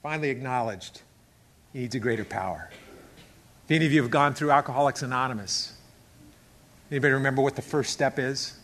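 A male pastor preaching a sermon emphatically. He acts out quotes and swings between hushed and loud delivery. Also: medium pitch, a little fast, pauses often.

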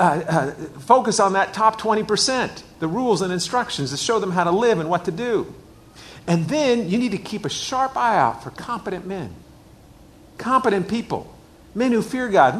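A middle-aged man preaching a sermon in a church, emphatic and repeating his key phrases. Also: sits high. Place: church hall with a screen.

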